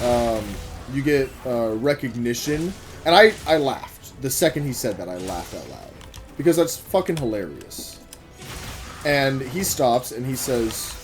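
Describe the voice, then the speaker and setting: A man rambles through a story about his job between comments on the game he is playing, swearing freely as he goes. He is getting over a cough. Music plays clearly underneath his voice. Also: medium pitch, very animated, a little slow. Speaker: gaming vlogger telling a work story.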